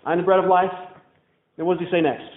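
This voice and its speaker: A man's voice: high voice, steady tone, quick pace. A man preaching a sermon as pastor, talking in a conversational way and asking the congregation questions. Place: church. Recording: phone-like echoey church sound.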